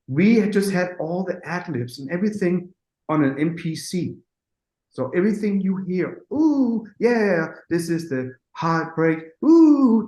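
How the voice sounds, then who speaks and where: A man, a music producer, telling an animated anecdote in an interview and acting out the dialogue with quick asides. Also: a little high, echoey room, poor audio.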